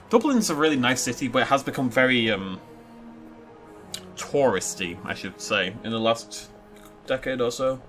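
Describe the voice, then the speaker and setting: A man's voice: medium pitch, a bit bright. A young man hosting a casual let's play, chatty and self-mocking, rambling into anecdotes as he plays. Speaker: gaming video host.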